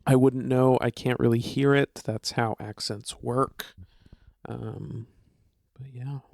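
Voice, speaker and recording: A man's voice: medium pitch, fairly even intonation, slow, vocal fry, darkish tone, no room sound. A man with a slight Southern American accent chatting casually on a podcast, rambling and self-deprecating, often trailing off. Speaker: podcast co-host, partner. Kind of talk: casual chat.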